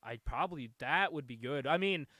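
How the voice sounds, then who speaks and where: A man hosting a laid-back comics podcast, energetic and profane, laughing through his stories. His voice sits a little high and sounds bright, recorded close and dry. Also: moderate pace, dry recording. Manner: excitable, profane storyteller, laughs often. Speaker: podcast host. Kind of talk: casual chat.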